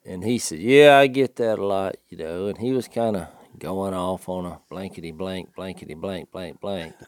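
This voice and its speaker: A man's voice: low-pitched, normal speed, smooth, dry recording, clean studio sound. A man in his fifties with a Southern twang, telling a long story in casual podcast chat and acting out other people's lines in a raised voice. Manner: animated, acts out other people's lines with a raised voice, laughs often. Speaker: podcast co-host.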